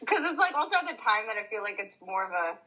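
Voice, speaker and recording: A woman co-hosting a podcast who chats casually about a book in a relaxed way. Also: mid-range voice, fast talker, rough recording. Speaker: podcast co-host.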